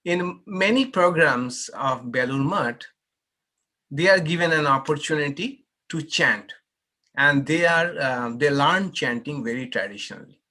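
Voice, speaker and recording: A man's voice: fairly high pitch, unhurried, bright, forceful tone. A man, a monk, teaching a scripture class in a patient, explanatory way and inviting questions and corrections. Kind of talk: unhurried scripture class talk with Q&A.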